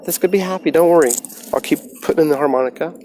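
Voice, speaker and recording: A man talking casually into his phone on a livestream, preaching about the mind and meditation with lots of swearing, swinging from soft musing to loud ranting. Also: on the high side, rapid-fire. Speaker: motivational livestreamer. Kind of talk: casual rambling livestream rant.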